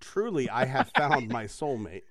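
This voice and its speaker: A man's voice: mid-range voice, unhurried. A man hosting a casual chat, swearing freely and laughing as he tells stories. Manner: profane, laughing, animated storytelling.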